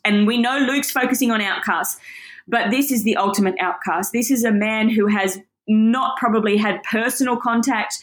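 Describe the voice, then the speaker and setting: An earnest woman teaches from scripture in a fairly high voice. She is emotional and close to tears, and her words carry deep feeling. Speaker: Bible teacher. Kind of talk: teaching on a Bible passage.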